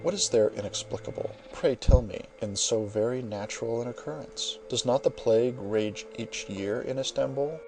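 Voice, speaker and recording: A man's voice: on the low side, moderate pace, gravelly, soft background music, rough recording. A man voicing a fiery proud general. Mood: defiant fury. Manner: declamatory, impassioned, grand oaths. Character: proud, fiery male general, raging and vowing.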